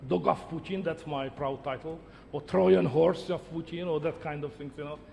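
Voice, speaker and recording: A man's voice: fairly high pitch, fairly even intonation, normal speed, creaky, a little mellow, big-room sound, a little hiss or hum. A middle-aged man whose first language is Hungarian, answering interview questions in emphatic short statements that repeat words. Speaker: interviewee, head of government.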